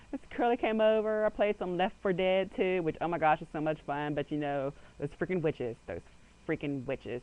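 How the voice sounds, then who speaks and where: A young man talks straight into his webcam at home in a loose, rambling way, with "like" in nearly every sentence. His voice sits a little higher than most men's. He keeps slipping into quick impressions of what he and others said. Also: a little mellow, clear, resonant tone, muffled recording. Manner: chatty, rambling, peppered with "like", acts out quotes. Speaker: vlogger. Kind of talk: casual webcam chat.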